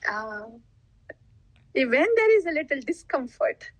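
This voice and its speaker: A woman's voice: sits high, big pitch swings, dry recording, low-quality recording. A woman giving a devotional talk as a spiritual teacher, laughing often and asking rhetorical questions. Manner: laughs often, acts out listeners' replies; unhurried, asks rhetorical questions.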